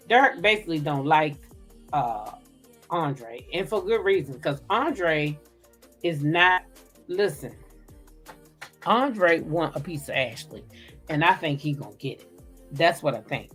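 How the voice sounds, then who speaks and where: A woman's voice: low voice, a bit bright. A woman hosting a casual livestream recap, chatting loosely, greeting viewers by name and cursing freely. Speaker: host.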